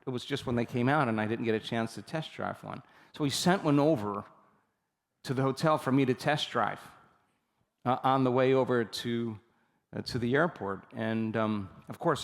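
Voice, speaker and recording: Animated man lecturing in a reverberant hall. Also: medium pitch. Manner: animated storytelling, repeatedly asks the audience for agreement. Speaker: seminar speaker. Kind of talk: motivational seminar talk.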